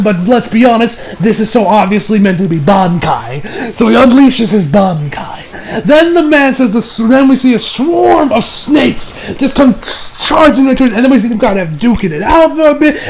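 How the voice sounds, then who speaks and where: A young man excitedly recapping an anime episode, rambling, swearing, and laughing often. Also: extremely high pitch, normal speed, low-quality recording. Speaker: anime reviewer.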